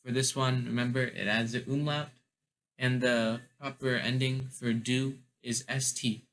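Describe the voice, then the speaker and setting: Slow-talking man teaching German grammar. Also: mid-range voice, level tone, fairly bright tone, low-quality recording. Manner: slow, deliberate, many ums and restarts. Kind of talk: explaining grammar, casual lesson.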